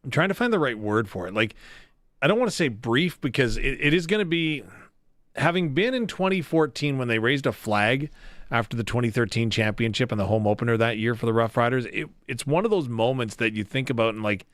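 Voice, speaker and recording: A Canadian man hosts a sports radio talk show and keeps his questions lively and full of jokes. His voice sits at a middle pitch, and the studio sound is dry and close. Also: brisk, dry recording. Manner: lively, joking interviewer. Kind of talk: radio interview and call-in chat.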